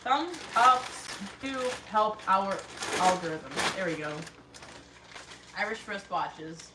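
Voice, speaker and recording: A woman's voice: medium pitch, expressive, takes it slowly. A woman hosting a casual livestream, reading viewer comments aloud in a giggly, playful way. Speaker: livestream host reading chat. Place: workshop. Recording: echoey workshop from far off with noise.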